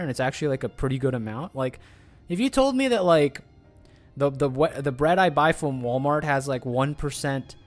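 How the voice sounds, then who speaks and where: A male streamer chatting casually over his gameplay, rambling and musing aloud. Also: fairly high pitch. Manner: rambling, chatty, many fillers and restarts.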